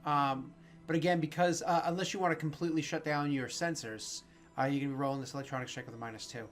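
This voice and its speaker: A man running a tabletop game as game master, his voice sitting somewhat high. He rambles through the narration, full of fillers and self-corrections. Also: fairly even intonation, fast talker, a bit bright, faint music behind.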